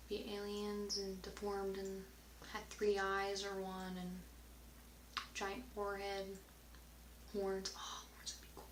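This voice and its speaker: A woman's voice: medium pitch, slight background noise. A woman answering viewer questions in a casual, rambling vlog, sometimes dropping to a whisper. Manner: rambling, chatty, drifts into whispers at times. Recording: roomy echo.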